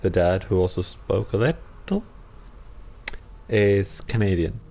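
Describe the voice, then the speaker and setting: A man with a deep, gravelly voice streams a game at a slow pace, casually narrating his play. Relaxed and reflective, he thinks out loud and responds to his own moves.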